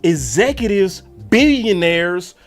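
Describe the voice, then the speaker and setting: Animated man telling a story. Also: high voice, takes it slowly, soft background music. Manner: animated, acts out quoted voices. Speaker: sports show host. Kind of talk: casual storytelling.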